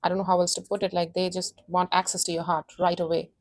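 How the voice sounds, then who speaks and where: A woman's voice: fairly low pitch, little pitch movement, fast talker. A woman giving a casual tarot reading, intense and emphatic, repeating her phrases and calling the listener honey. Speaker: tarot reader.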